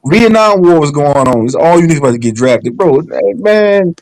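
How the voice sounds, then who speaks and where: A man's voice: a little high, animated, a little mellow, dry recording, rough recording. A man chatting casually on a livestream, telling stories in a joking, profane way. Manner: fast, joking, profane storytelling.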